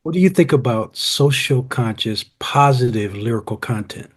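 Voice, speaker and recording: A man hosting an interview, speaking in a relaxed, encouraging conversational way. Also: medium pitch, moderate pace. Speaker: host. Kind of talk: casual interview chat.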